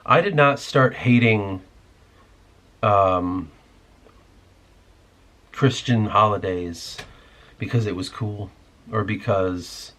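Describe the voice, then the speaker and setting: A man's voice: fairly low pitch, fairly bright tone. A man hosting a podcast, delivering a rambling, irritated, profane rant in casual talk. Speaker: podcast host.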